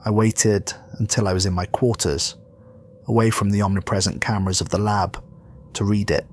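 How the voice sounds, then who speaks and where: A man reading a scripted horror story in a measured, somber way. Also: fairly low pitch, little pitch movement. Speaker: narrator.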